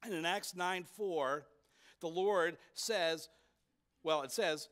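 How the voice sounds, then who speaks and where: High-voiced man preaching a sermon. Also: slow, fairly bright tone. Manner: emphatic, repeats key points for effect; asks the congregation rhetorical questions. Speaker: pastor. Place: church.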